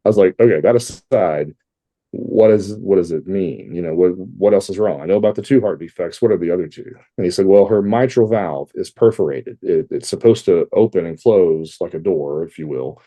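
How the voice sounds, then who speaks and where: A man's voice: low voice, normal speed, warm tone. A middle-aged man from Texas, telling a personal story as a podcast guest in a candid, conversational way. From Texas, USA. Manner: candid and conversational, with frequent fillers and blunt asides.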